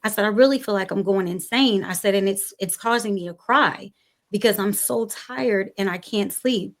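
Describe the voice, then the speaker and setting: A woman's voice: mid-range voice, moderate pace. Woman telling her story, acting out voices. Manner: animated storyteller, acts out dialogue. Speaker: panel guest. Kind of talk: personal story on a talk show panel.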